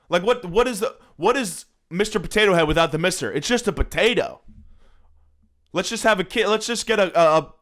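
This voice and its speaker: A man's voice: sits high, fairly bright tone. A young man hosting a podcast, ranting sarcastically with plenty of swearing, recorded on his phone at home. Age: young adult. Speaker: podcast host. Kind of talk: solo comedic rant. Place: room at home.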